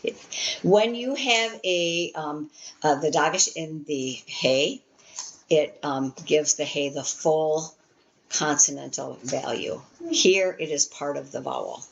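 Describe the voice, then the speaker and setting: Low-voiced woman teaching a class. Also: takes it slowly, creaky, highs cut off. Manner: patient, filler-heavy, restarts often. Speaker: Hebrew teacher.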